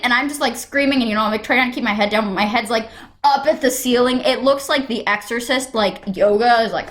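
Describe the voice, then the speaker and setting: A young woman from the United States telling a casual storytime vlog at home, animated and quick to burst into sudden shouts. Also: a little high. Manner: animated, breaks into sudden loud shouts and whispers. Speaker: vlogger. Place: home room.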